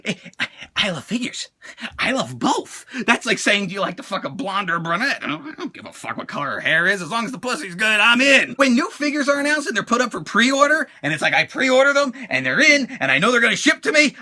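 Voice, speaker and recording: A high-voiced American man in his thirties hosts a casual fan Q&A about his toy collection. His voice swoops up and down with a lot of energy, sharp and bright. He curses freely and jumps into squeaky voices when he acts out quotes. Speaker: toy collector vlogger answering fan questions. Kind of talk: casual Q&A vlog.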